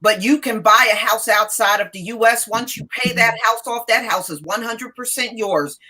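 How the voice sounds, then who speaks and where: A woman's voice: a little high, moderate pace, bright, forceful tone. A woman co-hosting a casual chat, earnest and opinionated as she recalls the past and makes her points. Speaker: podcast co-host.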